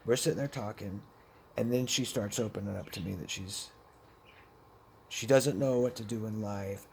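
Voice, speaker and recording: A man's voice: lowish voice, moderate pace, creaky, darkish tone, slight background noise. Blunt, profane man telling a story. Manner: blunt and profane, with frequent restarts. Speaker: speaker sharing addiction experiences. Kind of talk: personal storytelling, recovery talk.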